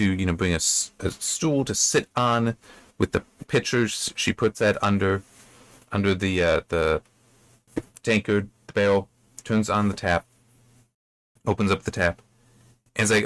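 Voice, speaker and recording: A man's voice: sits low, a bit bright. A man giving casual, rambling commentary on a book he has read, with frequent restarts and asides. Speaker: book reviewer.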